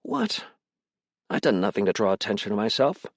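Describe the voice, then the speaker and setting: Male audiobook narrator, dry and measured. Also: on the low side, dry recording. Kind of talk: first-person audiobook narration.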